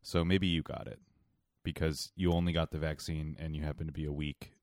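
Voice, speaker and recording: Very deep-voiced man, teasing podcast co-host. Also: flat delivery, brisk, no room sound, clean studio sound. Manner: argumentative, teasing, does vocal warm-ups. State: sore throat. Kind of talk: casual chat.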